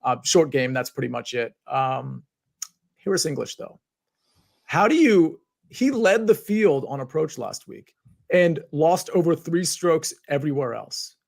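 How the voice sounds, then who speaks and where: A man's voice: a little high, sing-song, a little slow, vocal fry, a little mellow. A man co-hosting a golf betting podcast, easygoing and wry, tossing questions to his partner. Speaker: podcast co-host. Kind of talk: casual golf betting chat.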